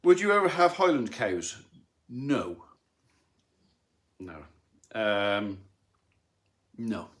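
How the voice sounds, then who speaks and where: Rambling middle-aged farmer chatting live. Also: male voice, fairly low pitch, big pitch swings, extremely slow, long pauses. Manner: rambling, dry teasing humour. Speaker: farmer and channel host. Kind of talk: casual live-stream chat. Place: home lounge.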